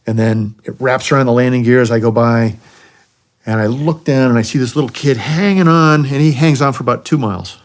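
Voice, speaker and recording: A man's voice: medium pitch, brisk. A middle-aged man from the United States, a retired army helicopter pilot, casually telling war stories and often checking in with a questioning "right?". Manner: relaxed, tags points with a questioning "right?". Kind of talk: casual storytelling in a conversation.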